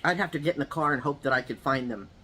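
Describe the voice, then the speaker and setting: Her voice sits extremely low and comes out fast, sharp and a little rough. Eating at home, the woman vlogger chats casually to her audience, addressing them directly with gossipy, wandering stories and plenty of side comments in mukbang style.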